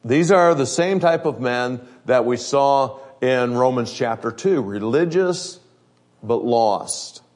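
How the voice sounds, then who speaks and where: Male preacher, mid-pitched, sermon delivery, reads scripture then explains it conversationally, pace varies to stress points. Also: expressive, slow, darkish tone.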